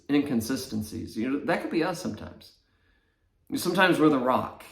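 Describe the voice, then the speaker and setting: A male preacher teaching from the Bible at a middle pitch. He reads scripture slowly, then explains it in a plain, conversational way. The room around him gives his voice a noticeable echo.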